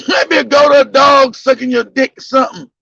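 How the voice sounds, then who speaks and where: A man telling a crude story in loud, casual, profane talk, laughing and breaking into shouts. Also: extremely high pitch, steady tone, a little fast, no room sound. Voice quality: gravelly. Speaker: podcast host telling a story. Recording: dull lo-fi dry sound.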